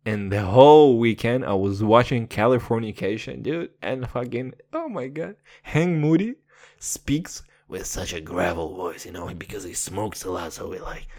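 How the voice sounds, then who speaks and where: A man hosting a podcast, talking in an excitable, profane, jokey way. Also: moderate pace. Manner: excitable, profane, jokey, with big pitch swings. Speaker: podcast host. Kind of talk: casual podcast chat.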